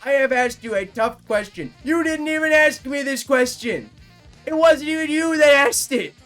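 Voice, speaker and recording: A man of about nineteen, a livestreamer chatting casually with his viewers, rambling and swearing, quick to fake outrage. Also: extremely high pitch, a bit bright, soft background music.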